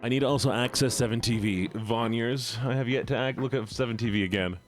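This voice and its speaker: A man's voice: mid-range voice, quick pace. A man livestreaming a game, talking playfully to his chat and reacting to the story. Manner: playful, animated, talks to chat. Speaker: streamer. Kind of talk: live game stream commentary. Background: game music.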